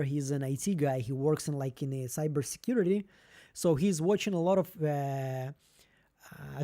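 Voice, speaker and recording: A man's voice: high-pitched, dark tone. A young man with a non-native English accent, chatting candidly and rambling on a live stream as host. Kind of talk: casual live-stream chat.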